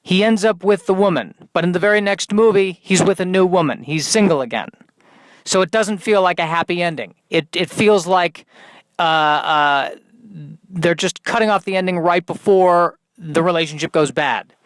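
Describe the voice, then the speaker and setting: A man's voice: high-pitched, normal speed, no room sound, rough recording. A man hosting a podcast, doing a rambling, hesitant comedy monologue full of fillers. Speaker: podcast host.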